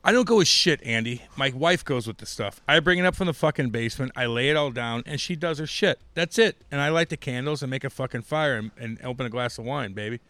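A middle-aged American man co-hosting a podcast, telling stories in casual chat with constant swearing and loud acted-out quotes, on a close mic. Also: medium pitch, fast talker, few pauses, dry recording. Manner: profane, excitable, acts out quotes loudly. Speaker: podcast co-host.

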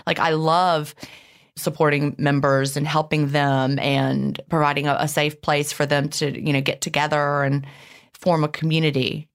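Low-voiced chatty woman podcaster. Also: little pitch movement, normal speed. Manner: chatty, emotional, with laughs and restarts. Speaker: podcast co-host. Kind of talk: casual podcast chat.

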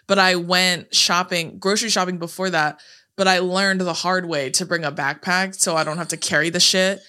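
A woman's voice: lowish voice, fairly even intonation, normal speed, bright, forceful tone, smooth. A young woman co-hosting a podcast, telling stories in a blunt, casual way with a lot of swearing. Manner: blunt storytelling with frequent swearing. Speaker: podcast co-host. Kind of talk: casual chat.

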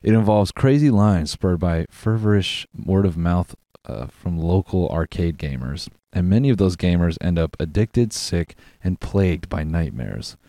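Young man, low mellow voice, dry close mic, casual read-aloud banter. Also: animated, no echo. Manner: reads aloud haltingly, laughs, swears. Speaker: podcast co-host reading a story. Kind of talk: casual chat.

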